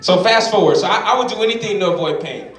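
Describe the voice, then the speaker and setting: A stand-up comedian with a high, fast voice tells animated stories and acts out the voices of the people in them. He's recorded from a distance in a roomy hall with a loud crowd.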